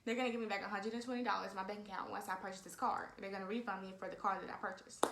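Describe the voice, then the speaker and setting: A woman's voice: medium pitch, level tone, rapid-fire, fairly bright tone. A woman in her twenties telling a story casually and animatedly, talking straight to her viewers and often saying "y'all". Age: 20s. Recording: echoey room.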